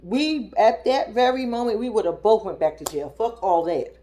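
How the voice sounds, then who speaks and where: A young adult woman giving casual, profane reaction commentary on a TV episode, incredulous and animated, often mimicking people in high squeals. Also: normal speed, slight background noise. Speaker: reality TV commentator.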